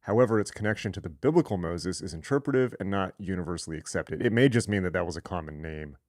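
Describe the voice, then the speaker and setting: Low-voiced guy reading stuff out on a livestream, dry close sound, snarky little asides. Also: lively intonation, quick pace, a little mellow, no room sound. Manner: reads aloud with asides, sarcastic and irreverent. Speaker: host. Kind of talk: live-streamed lecture reading and commenting on sources.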